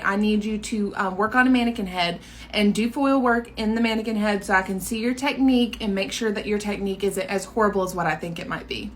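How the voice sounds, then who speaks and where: A woman's voice: medium pitch, slight background noise, close to an everyday voice. Woman playing a snide salon boss husband. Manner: condescending, scolding. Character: bossy male salon owner's husband, nagging and snide.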